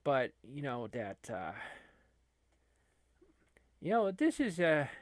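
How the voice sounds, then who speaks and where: A man's voice: on the high side, wildly swooping pitch, takes it slowly, dry recording. A man casually commentating a wrestling video game as a channel host, rambling with many fillers and laughing between remarks. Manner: rambling, laughing, filler-heavy, lots of restarts.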